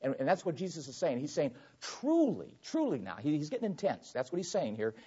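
A man's voice: fairly high pitch, expressive, fast talker, warm tone, slightly rough. A man preaching a sermon to his congregation, reading scripture aloud and explaining it verse by verse. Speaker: pastor. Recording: dull lo-fi sermon recording.

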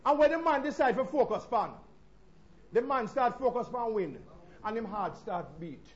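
A Jamaican man delivers a sermon in a strikingly high voice. He leans hard into his points, then falls quiet for rhetorical questions. The recording sounds slightly dull and muffled. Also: lively intonation, moderate pace. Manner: emphatic preaching with sharp swings from loud to hushed. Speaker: preacher.

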